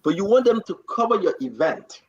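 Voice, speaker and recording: Man, gravelly, breathy, passionate political commentary, dry recording. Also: high-pitched, brisk, no room sound. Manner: repetitive, rising to animated outbursts. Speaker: talk show host. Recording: dry, dull lo-fi audio.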